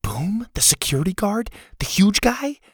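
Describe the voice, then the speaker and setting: A man's voice: fairly high pitch, sing-song, normal speed, slightly rough, no room sound, studio quality, pitched above the performer's own voice, heavily acted. A man doing Zeta, spunky young girl. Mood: eager.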